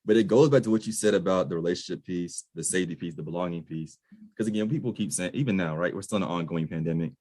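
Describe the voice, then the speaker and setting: Fast-talking deep-voiced young man host. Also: a little mellow, no echo. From United States. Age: late 20s. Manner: earnest, emphatic, casual with slang. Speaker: podcast host. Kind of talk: casual podcast interview.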